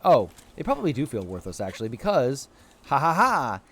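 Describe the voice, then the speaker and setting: A man's voice: mid-range voice, big pitch swings, brisk, fairly bright tone, husky. A man streaming a video game, chatting with his viewers and talking playfully to the creatures on screen. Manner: playful, apologetic asides. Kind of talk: casual livestream commentary.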